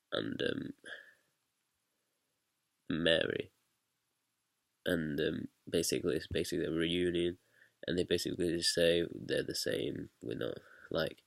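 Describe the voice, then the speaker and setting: A man's voice: deep voice, vocal fry, fairly bright tone, no echo. A young man casually explaining how he directed a stage scene, hesitant, with many fillers and restarts. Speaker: student director.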